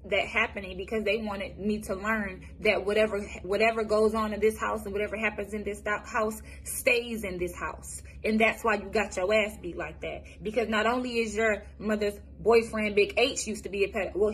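With a medium-pitched, steady, slightly rough voice, a young Michigan woman tells the camera her own story. She is candid and profane and often stops to start her sentences over.

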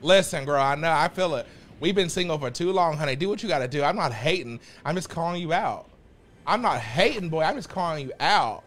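A man streaming live, bantering with his chat in a loud, sassy, campy way and repeating phrases in bursts. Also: a little high, animated, brisk. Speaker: livestreamer.

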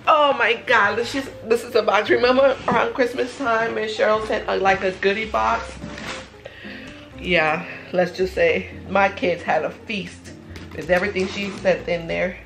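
A woman, gushing and gasping excitedly while unboxing gifts at home in a casual vlog. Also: medium pitch, measured pace, creaky, music in the background. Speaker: vlogger.

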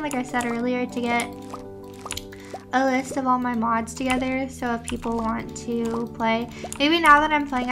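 A young woman streaming a farming game, chatting playfully with her chat, using gamer slang and sounding sleepy. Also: high-pitched. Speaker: VTuber streamer. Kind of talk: casual gameplay chat. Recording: game music playing behind.

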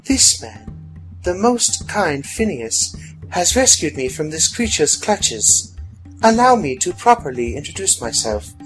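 A man's voice: on the high side, big pitch swings, measured pace, soft background music, voice pushed up, low-quality recording. A man voicing a young, regal princess from an undersea kingdom who speaks in a formal, stilted way. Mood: earnest.

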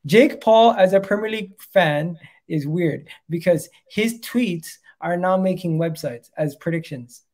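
A young man hosting a casual football chat, chatty and quick to laugh. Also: high voice, a little mellow. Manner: chatty, laughs easily, breaks into impressions. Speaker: football channel host.

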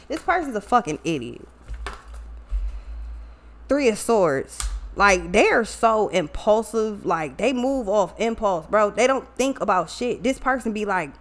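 A woman's voice: medium pitch, sing-song, a little slow. A woman giving a casual tarot reading to her viewers, blunt and profane, often laughing and trailing off into asides. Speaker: tarot reader.

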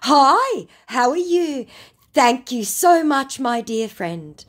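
A woman voicing a fawning, pleading male online scammer who speaks in a syrupy, slow, high voice. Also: sing-song, exaggerated voice.

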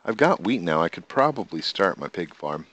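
A man casually commenting on his own gameplay, excitable and talking to the animals and monsters he meets. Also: sits low, normal speed. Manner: excitable, talks to the animals and mobs in the game. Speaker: gamer. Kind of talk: casual let's-play commentary. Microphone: desk microphone.

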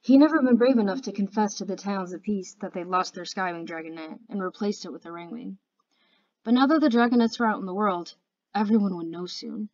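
A woman's voice: medium pitch, brisk, darkish tone, no room sound, lo-fi sound. A woman reading a fantasy novel aloud as an amateur audiobook narrator, earnest and careful, with occasional slips. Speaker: audiobook reader.

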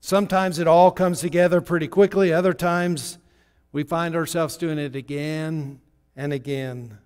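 A man preaching a sermon in a church, telling a story in a loose, conversational way with halting restarts. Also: a little high, steady tone, darkish tone, clear, resonant tone. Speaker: guest preacher. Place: church sanctuary. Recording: long hall reverb.

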